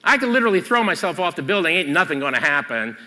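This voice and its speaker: A man's voice: on the high side, very animated, fast, bright, forceful tone, long reverb tail. Punchy, emphatic man on a stage. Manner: emphatic, punchy, keeps asking "okay?". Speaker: photographer giving a stage seminar. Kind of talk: animated stage talk. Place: convention stage hall.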